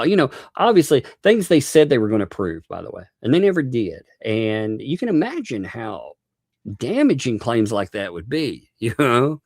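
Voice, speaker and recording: Man, live-stream host, casual commentary, frequent laughs, animated delivery, dry sound. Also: mid-range voice, normal speed, slightly rough, dry recording. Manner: chatty, laughs often, thanks viewers by name.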